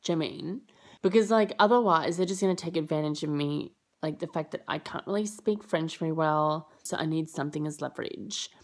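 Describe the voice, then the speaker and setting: Young female vlogger, lower register, casual rambling delivery, fond of acting out dialogue. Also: fairly quick. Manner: rambling and chatty, full of fillers; acts out quoted lines with high jumps in pitch. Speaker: au pair vlogger. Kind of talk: casual chatty vlog.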